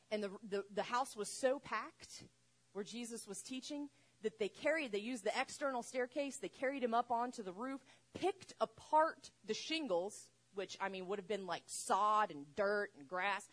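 A woman preaching a sermon, retelling a story with lively acted-out voices. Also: on the high side. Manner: animated, acts out voices in the story. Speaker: pastor.

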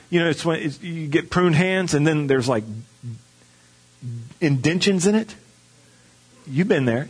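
A man delivering a storytelling sermon, his voice sitting a bit high and carrying a husky, breathy edge. He talks in a folksy, conversational way and acts out the people in his story. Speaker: preacher.

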